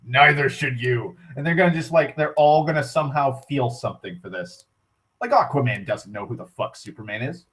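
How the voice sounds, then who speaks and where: A young man rants at length in a loose, rambling way, filling his talk with "like" and swearing freely. He often stops and restarts mid-sentence. His voice sits at an ordinary middle pitch. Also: lively intonation, a little fast. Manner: rambling, profane, heavy on "like", frequent restarts. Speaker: vlogger. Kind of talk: rambling casual rant.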